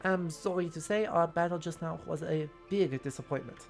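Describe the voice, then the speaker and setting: A man voicing a vain, flamboyant male swordsman prophet in a deliberately awful fake French accent, reading with mock grandeur. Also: a little high, gravelly, soft background music. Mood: haughty. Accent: exaggerated fake French. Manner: theatrical, mock-grand reading of game lines.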